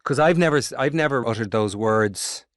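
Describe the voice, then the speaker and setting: A middle-aged Irish actor in a casual interview, telling long rambling stories with lots of swearing. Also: male voice, medium pitch, normal speed, no echo, clean studio sound. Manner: rambling, animated storytelling with swearing. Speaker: actor guest.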